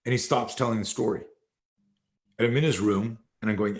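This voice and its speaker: A man's voice: lowish voice, normal speed. A man, a martial arts instructor, telling a long story in an interview and acting out quoted dialogue. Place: live video call.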